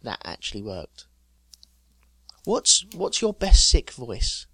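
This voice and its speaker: A man's voice: medium pitch, huge pitch swings, slow, sharp tone, husky, no room sound. Male co-host, jokey storyteller, dry close-mic sound. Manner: jokey storyteller, reading out news items with chuckles. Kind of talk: casual chat.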